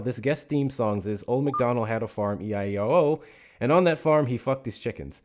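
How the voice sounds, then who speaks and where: A man's voice: mid-range voice, brisk, a little mellow, a little hiss or hum. A man hosting a live call-in politics stream, arguing bluntly with callers, swearing often and stumbling over repeated words.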